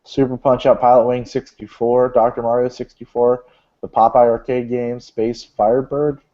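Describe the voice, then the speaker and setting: A man's voice: mid-range voice, flat delivery, normal speed, dark tone. Male podcast host, casual rambling news chat, muffled lo-fi sound. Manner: rambling, joking, many fillers. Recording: dull lo-fi podcast audio.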